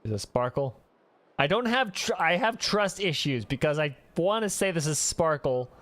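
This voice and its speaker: A streamer with a Midwest mountain accent giving animated, rambling gameplay commentary full of restarts. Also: mid-range voice, normal speed. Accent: Midwest mountain American.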